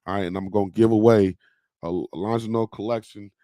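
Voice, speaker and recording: A man's voice: on the low side, steady tone, fairly quick, dark tone, dry recording, studio quality. A man hosting a casual livestream, chatting loosely with his viewers and peppering his talk with "man" and "y'all". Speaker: podcast host on a livestream.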